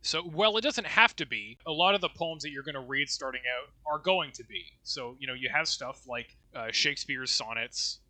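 A man's voice: on the high side, normal speed, hardly any pauses, sharp tone. A man co-hosting a casual talk about poetry, loose and rambling with restarts and a bit of swearing. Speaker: podcast co-host.

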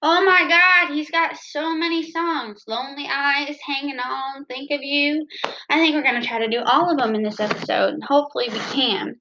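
High, bright Southern-accented woman. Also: steady tone, moderate pace, highs cut off, a little hiss or hum. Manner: chatty, rambling, apologetic. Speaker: vlogger singing covers. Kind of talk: casual chat to viewers.

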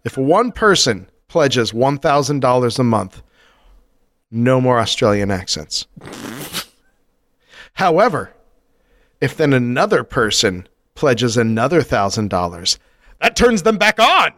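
Joking podcast guy, average pitch, riffs fast, dry close sound. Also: big pitch swings, fairly bright tone, no echo. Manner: joking, riffs quickly with laughs. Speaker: podcast co-host. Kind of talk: casual podcast chat.

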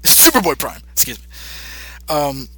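Male podcast co-host, animated recapper, bright tone, dry booth sound. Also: a little high, no echo, poor audio. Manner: animated, acts out character lines in quick put-on voices. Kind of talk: casual episode recap.

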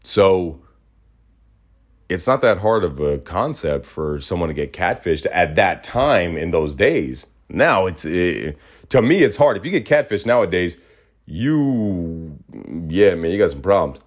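A man's voice: deep voice, sing-song, measured pace. Blunt, profane ranting man. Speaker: podcast host. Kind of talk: casual heated rant.

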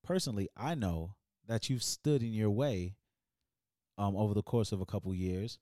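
A man hosting a casual podcast with a lowish voice and a teasing, hype-man manner, sometimes calling out like a preacher to the church. The sound is close and dry, with no room. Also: lively intonation, normal speed, warm tone, no echo. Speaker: podcast host.

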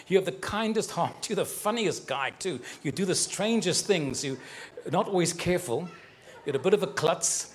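Addressing people in the congregation one by one, a man preaches live and prophesies over them, fervent yet affectionate, with plenty of jokes and laughter. His voice is on the high side with big pitch swings, he speaks a little fast, and there's slight background noise.

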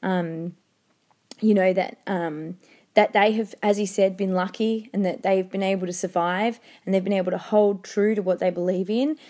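Woman, teacher, mellow voice, hesitant, many ums, reading aloud and discussing a novel. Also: mid-range voice, steady tone, normal speed. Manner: hesitant, with frequent ums and restarts.

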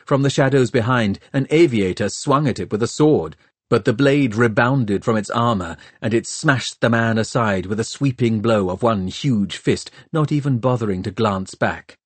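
A man narrating an audiobook in a measured, dramatic way. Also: mid-range voice, dry recording.

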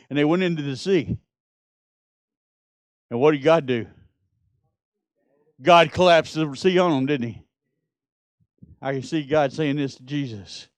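A man's voice: on the high side, dry recording, clean studio sound. A middle-aged man, preaching a sermon and telling Bible stories with rising, emphatic peaks. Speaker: pastor.

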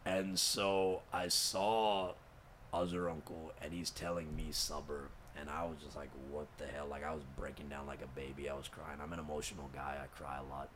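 A man's voice: a bass voice, flat delivery, moderate pace, noisy background. A young man telling a personal story in casual talk, emotional and rambling, swearing often and mixing in Urdu words. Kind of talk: casual conversation.

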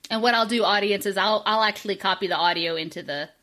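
A woman's voice: mid-range voice, quick pace, sharp tone. A woman hosting a casual comedic podcast, reading out notes with playful sarcasm. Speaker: podcast host.

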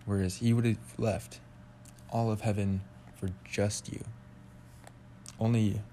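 Low, flat-voiced young man musing on scripture. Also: measured pace, a little hiss or hum. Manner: loose, rambling, heavy use of "like". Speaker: podcast host. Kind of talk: casual Bible study podcast.

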